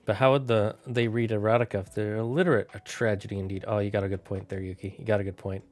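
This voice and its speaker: A man streaming live, thinking out loud and answering chat in a casual, rambling way. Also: lowish voice, fairly even intonation. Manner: musing aloud, thinks out loud with quick asides. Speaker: streamer running a worldbuilding chat.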